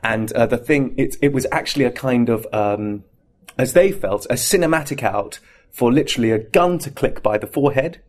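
Male actor guest, mid-pitch, animated raconteur, casual anecdotes. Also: moderate pace. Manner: animated storyteller, acts out scenes. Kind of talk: casual anecdotal interview talk.

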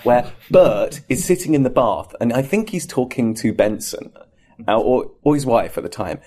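Lively actor telling backstage stories. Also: male voice, mid-range voice, moderate pace. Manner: animated storyteller, acts out scenes. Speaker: actor, interview guest. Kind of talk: casual anecdotal interview talk.

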